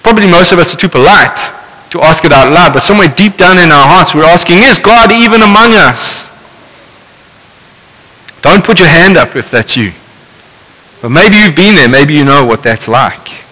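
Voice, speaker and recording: A man's voice: a little high, expressive, fairly quick, bright, forceful tone. Male preacher, casual and wry, reverberant hall. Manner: conversational, wry asides. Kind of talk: sermon with scripture reading.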